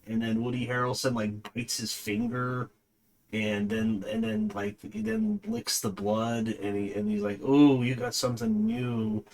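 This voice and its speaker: A man reviewing a movie in a casual, rambling way, with lots of fillers and a dismissive tone. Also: medium pitch.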